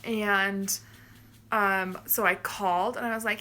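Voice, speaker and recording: A woman chatting casually on a live stream, telling stories in an animated way. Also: medium pitch, extremely slow, a little hiss or hum. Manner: animated storyteller, quotes people.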